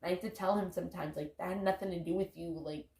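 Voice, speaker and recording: A woman's voice: lowish voice, steady tone, quick pace, gravelly, reverberant, noisy background. A woman giving loose, candid motivational talk to her viewers, casually swearing and saying "like" a lot. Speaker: vlogger, parent.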